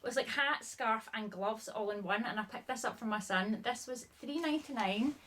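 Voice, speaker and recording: A woman's voice: on the high side, normal speed, pushed and bright. A woman chatting casually through a haul video, a little out of breath, rambling and apologizing often, filling her sentences with "like". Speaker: haul vlogger. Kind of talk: casual chat showing items.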